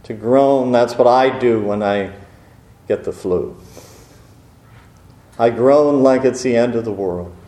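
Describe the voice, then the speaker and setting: A man's voice: medium pitch, takes it slowly, pauses often, mellow. A man preaching a sermon in a conversational way, with rhetorical questions and wry asides. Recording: roomy echo.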